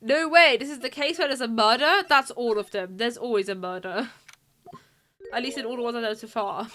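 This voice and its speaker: A woman's voice: fairly high pitch, moderate pace, sharp tone, slight background noise. A woman streamer chatting casually with her viewers and reading game text aloud, giggly and friendly. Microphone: desk mic, live stream.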